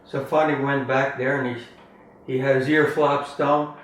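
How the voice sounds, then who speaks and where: An older man with a mid-range, slightly bright voice and little pitch movement rambles through family memories at a moderate pace. Chuckling as he goes, he often caps his phrases with "eh?". The sound is roomy, from a distant mic, with faint room noise.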